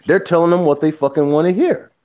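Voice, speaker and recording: A man co-hosting a casual political chat, talking in an animated, profane and slangy way. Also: on the high side, fast, lo-fi sound. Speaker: podcast co-host.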